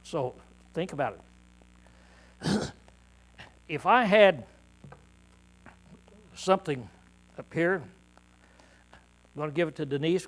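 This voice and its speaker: A male preacher delivering a conversational sermon, reading scripture aloud and then explaining it in plain words, often clearing his throat. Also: on the high side. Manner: conversational, uses hands-on demonstration with congregation.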